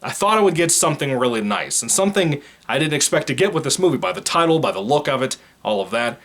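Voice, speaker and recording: A man's voice: a little high, big pitch swings, fast talker, a bit bright. A man giving a casual spoken movie review in a blunt, opinionated, rambling way, swearing freely.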